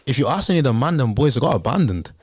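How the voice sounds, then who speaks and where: A man's voice: mid-range voice, big pitch swings, racing, a loud crowd. A young man from Ireland with a Dublin accent, a podcast guest telling a story in casual chat and acting out the dialogue. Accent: Dublin Irish. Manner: anecdotal storytelling, acts out dialogue.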